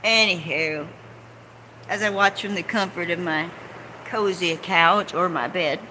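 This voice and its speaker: A woman rambles through a casual home vlog, sarcastic and quick to swear, mocking people in put-on voices. She talks slowly, in a bright, clear voice. A faint room hum sits behind her. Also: fairly low pitch. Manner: sarcastic, swears, mocks people in put-on quotes, laughs often; jumps between topics. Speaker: vlogger. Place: home, on couch or bed.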